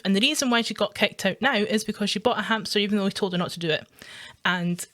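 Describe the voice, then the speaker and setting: A woman's voice: mid-range voice, fast talker. A woman with a Scottish accent ranting through a reaction commentary, swearing often and laughing as she goes. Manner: animated ranting, heavy swearing, frequent laughter. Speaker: reaction video streamer.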